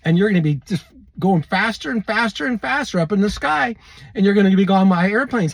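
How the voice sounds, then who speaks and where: A man's voice: sits high, animated, brisk, creaky, no room sound. A man hosting a prophecy video, preaching to camera with exuberance, calling out to viewers and laughing often. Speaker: end-times prophecy video host.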